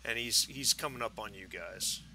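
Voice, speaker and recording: A man narrating a tabletop game as game master, halting with fillers and restarts. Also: fairly low pitch, background noise.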